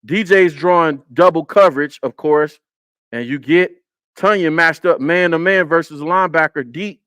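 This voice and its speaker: A man's voice: a little high, normal speed, fairly bright tone, smooth, no echo. A man hosting a casual football film breakdown on a live stream, repeating his points and talking to the chat.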